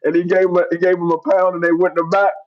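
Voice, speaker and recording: A man co-hosting a casual podcast, his voice sitting a little higher than average. He gives blunt, matter-of-fact opinions without softening them. The recording sounds slightly dull and lo-fi. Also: little pitch movement, racing. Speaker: podcast co-host.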